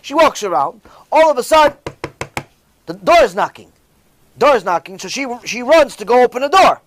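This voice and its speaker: High-voiced man preaching emphatically. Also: very animated, normal speed, a bit bright. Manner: emphatic, repeats key phrases, storytelling. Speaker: rabbi. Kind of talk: informal sermon.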